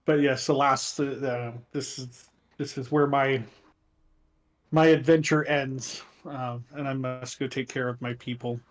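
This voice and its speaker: A man voicing a gentle, humble male Lycan tribe leader who speaks softly and formally, with halting pauses. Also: mid-range voice, steady tone, close to an everyday voice. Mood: solemn farewell. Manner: soft-spoken, halting, formal farewell speech.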